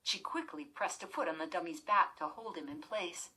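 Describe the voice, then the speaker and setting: A woman reading a horror story aloud as an audiobook narrator, slow and dramatic. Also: fairly low pitch, bright, forceful tone, husky, poor audio.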